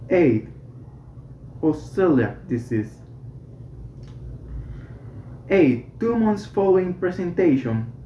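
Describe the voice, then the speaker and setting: A student slowly reading a medical English textbook aloud, correcting small slips along the way. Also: mid-range voice, a little hiss or hum. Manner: slow, careful reading with self-corrections. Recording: roomy, slightly dull home recording.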